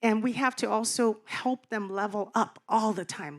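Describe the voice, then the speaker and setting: A woman's voice: medium pitch, normal speed. A woman producer on a panel, speaking earnestly and repeating words for emphasis. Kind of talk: panel talk.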